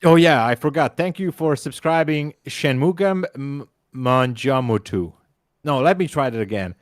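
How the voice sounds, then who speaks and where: A man's voice: on the high side, lively intonation, a little fast, dry recording, studio quality. A man whose first language is Hungarian, co-hosting a live trading stream in casual chat. He speaks English with a Hungarian accent, often stumbles, repeats words and laughs.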